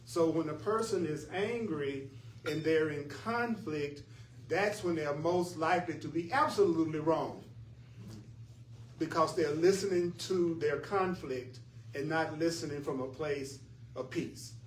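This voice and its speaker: A man's voice: a little high, a little slow, slight background noise. A man teaching a spiritual class in an earnest, emphatic way, often repeating his points. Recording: echoey room from far off, faint ambience.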